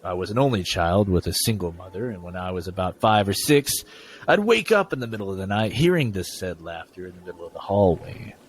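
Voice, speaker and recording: Male podcast host, chatty, stammers, reads stories aloud; animated delivery. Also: low-pitched, brisk, slight background noise. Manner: stammering, repeats words. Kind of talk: casual chat and story reading.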